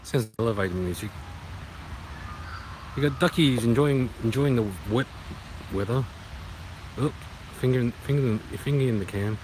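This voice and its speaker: A man's voice: mid-range voice, normal speed, pauses often. Rambling Australian man vlogging outdoors. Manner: rambling and punning, sings along loosely. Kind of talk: casual walking vlog. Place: outdoor park by a duck pond. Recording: noisy outdoor phone recording. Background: outdoor ambience with passing traffic.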